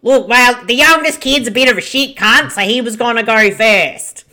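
Woman doing a blunt, crude Aussie local, bright and raised. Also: a little high, moderate pace, pitched above the performer's own voice. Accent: broad Australian.

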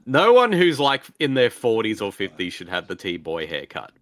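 A man's voice: lowish voice, wildly swooping pitch, moderate pace, a bit bright. A man co-hosting a casual movie commentary, playful and teasing in his reactions. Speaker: podcast co-host.

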